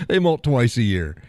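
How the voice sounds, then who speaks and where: Through an audio call setup, a live streamer chats in a rambling, blunt way, often laughing and swearing casually as he goes. His mid-range voice has a darkish tone, and the recording is dry.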